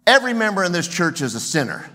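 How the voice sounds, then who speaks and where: A man voicing a fired-up preacher who shouts at his congregation from the pulpit. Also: sing-song, quick pace, big-room sound, exaggerated voice. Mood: thundering. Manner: shouting, booming.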